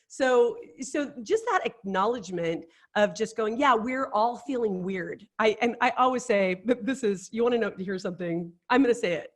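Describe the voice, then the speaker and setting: A woman's voice: a little high, moderate pace, few pauses. A middle-aged woman, a life coach, telling candid stories in casual chat. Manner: animated storyteller, candid and chatty.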